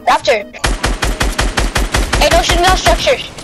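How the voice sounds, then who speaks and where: A high, bright-sounding woman shouts profane trash talk at other players in a shooter's voice chat. Loud background music plays throughout, and bursts of gunfire crack behind her. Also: measured pace. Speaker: online game player. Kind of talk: gaming voice chat.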